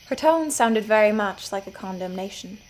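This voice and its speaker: A woman narrating her own scripted audio fiction story in a measured storytelling manner. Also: medium pitch, expressive, a little hiss or hum, rough recording. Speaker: writer and narrator.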